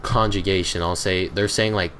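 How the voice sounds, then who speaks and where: A man's voice: deep voice, steady tone, normal speed, a bit bright, slight background noise. A teenage boy hosting his gaming channel, chatting casually to viewers in a rambling, grumbling way with lots of hesitations. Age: teens. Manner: rambling, hesitant with many fillers; irritable, grumbling.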